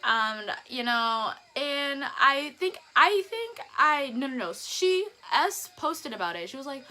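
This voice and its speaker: A teenage girl telling a storytime vlog to a phone camera, chatty and animated, with restarts and giggles. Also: sits high, slow. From northern Virginia, US. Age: teens. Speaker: vlogger.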